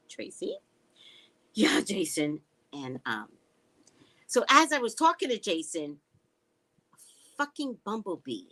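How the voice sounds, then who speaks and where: A woman hosting a casual live stream from home, telling stories sarcastically, swearing often and reading viewer comments aloud. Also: on the low side. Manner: sarcastic, animated storytelling with frequent swearing.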